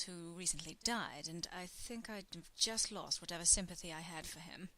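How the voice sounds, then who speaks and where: A woman's voice: on the low side, moderate pace, hardly any pauses, sharp tone. A woman hosting a let's play, chatting and explaining the game between her character lines. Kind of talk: game commentary.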